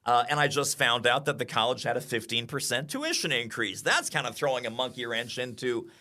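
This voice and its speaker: A man talking as a guest on an interview podcast, energetic and quick to act out what clients say. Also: medium pitch. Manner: energetic, acts out clients' lines in quoted voices. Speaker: sales consultant and author, podcast guest. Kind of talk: animated interview talk.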